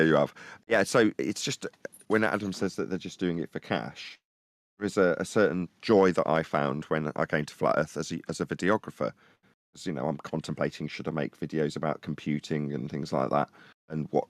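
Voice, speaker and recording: Deep-voiced man, dry close sound. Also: a little fast, dry recording. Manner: rambling, animated storytelling. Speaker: podcast co-host. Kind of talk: casual live-stream discussion.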